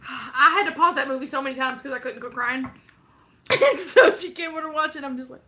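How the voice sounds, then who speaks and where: A giggly woman chats casually on a livestream with a friend, often breaking into laughter as she acts out what her friend says. Her voice sits high and sounds very bright and sharp. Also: a little fast. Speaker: co-host of a livestream chat. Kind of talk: casual chat.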